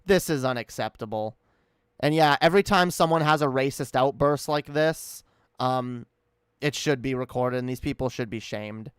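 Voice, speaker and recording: Smooth-voiced man doing profane reaction commentary. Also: mid-range voice, normal speed, no room sound, clean studio sound. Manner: profane, incredulous, rambling. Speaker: commentary streamer.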